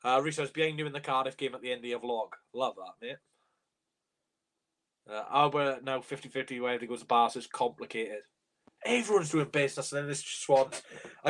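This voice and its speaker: A man's voice: mid-range voice, fairly bright tone. A young man hosting a live fan reaction stream, ranting bluntly and swearing in exasperation. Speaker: fan channel host.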